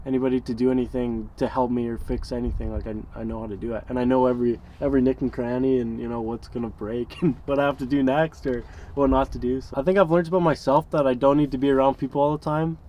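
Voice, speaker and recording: A man's voice: medium pitch, fairly even intonation, quick pace, mellow, slight background noise. A man in his early twenties telling stories in a casual, rambling way, full of fillers and small chuckles. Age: 20s. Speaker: interviewee, van dweller. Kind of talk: casual storytelling.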